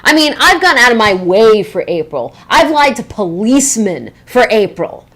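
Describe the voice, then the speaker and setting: A fairly bright, slightly high, sing-song voice at normal speed belongs to an actress in a scripted comedy monologue. As a catty young ex-boss giving a phone reference, she gushes mock-sweetly, her sarcastic, backhanded praise quietly sabotaging the former employee.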